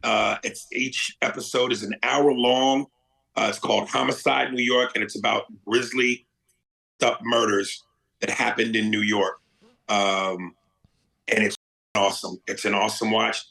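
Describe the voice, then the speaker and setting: A man's voice: lowish voice, little pitch movement, a little slow, vocal fry, sharp tone, low-quality recording. A man co-hosting a casual podcast, passing recommendations to listeners with wry asides. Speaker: podcast co-host.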